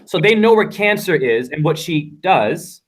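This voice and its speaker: A man's voice: on the high side, expressive, unhurried, slightly rough. A man in a casual panel discussion, speaking fervently and emphatically, often repeating himself. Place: runs a dance studio.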